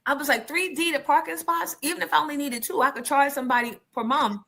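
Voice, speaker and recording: A middle-aged woman hosting a morning radio show, telling stories in a blunt, profane, animated way. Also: high voice, fast talker. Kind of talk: casual storytelling chat.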